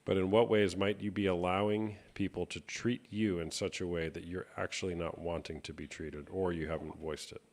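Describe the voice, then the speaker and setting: A man hosting a live stream chat, speaking in a calm, reflective coaching tone. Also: low-pitched, moderate pace, hardly any pauses. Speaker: host.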